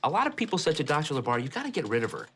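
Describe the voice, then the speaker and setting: A man's voice: a little high, huge pitch swings, very fast, a bit bright, a little hiss or hum. A man, a local journalist, recounting events in a matter-of-fact, storytelling way during a documentary interview. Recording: music bed under the voice.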